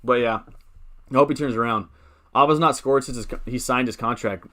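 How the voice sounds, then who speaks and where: A man's voice: medium pitch, fairly quick, sharp tone. A young man hosting a live stream, chatting casually, wandering between thoughts and reading out viewer comments. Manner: rambling, chats with viewers, reads out comments.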